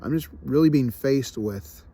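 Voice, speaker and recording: A man's voice: mid-range voice, unhurried, dark tone, husky. A young man reflecting candidly in a personal vlog, self-deprecating, often restarting and repeating himself. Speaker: vlogger.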